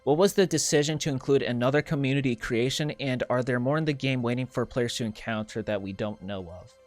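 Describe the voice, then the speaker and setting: A man interviewing a game developer, asking questions in an excited, chatty way and laughing often. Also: mid-range voice, a little fast.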